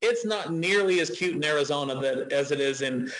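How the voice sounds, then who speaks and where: A man in his forties from Utah speaks as a dentist guest in a relaxed interview. His voice sits a little high for a man, and he tells anecdotes in a loose, chatty way, often restarting his sentences. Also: brisk, poor audio. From Utah, USA. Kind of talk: casual interview storytelling.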